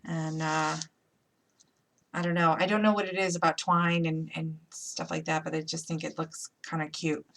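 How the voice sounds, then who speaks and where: A woman's voice: deep voice, level tone, normal speed, a bit bright. A woman with an upstate New York accent hosting a live crafting tutorial, chatty and playful, talking her way through each step. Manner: chatty, playful, thinks aloud while working. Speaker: crafting demo host.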